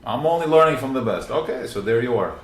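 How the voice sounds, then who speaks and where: A man's voice: mid-range voice, lively intonation, fast talker. A man leading a live religious class, earnest and repetitive, often acting out inner voices. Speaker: teacher. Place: room with a small group. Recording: roomy live recording.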